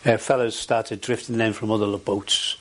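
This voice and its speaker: A man's voice: on the low side, little pitch movement, normal speed. Older man telling a wartime story. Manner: rambling storytelling with many fillers. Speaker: interviewee. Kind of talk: oral history interview.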